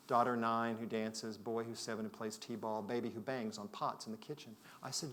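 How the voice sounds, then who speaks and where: A man giving a conference talk, telling a story in a reflective way that moves between loud and hushed. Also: mid-range voice, steady tone, a little fast, hardly any pauses, slight background noise. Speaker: conference speaker. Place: conference hall.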